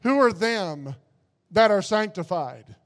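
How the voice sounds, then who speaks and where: A man preaching a sermon, reading scripture slowly and emphatically, then breaking into animated asides. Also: in a large hall. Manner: slow and emphatic, reading scripture in drawn-out phrases; bursts into high animated asides.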